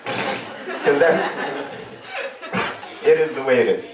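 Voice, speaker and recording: A man tells loose, rambling stories on a comedy club stage. His voice sits at an ordinary middle pitch. The sound is roomy and comes from some way off the mic. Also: a little slow, pauses often, a crowd in the background. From Romania. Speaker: stand-up comedian. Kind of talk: stand-up comedy. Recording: echoey room, distant mic.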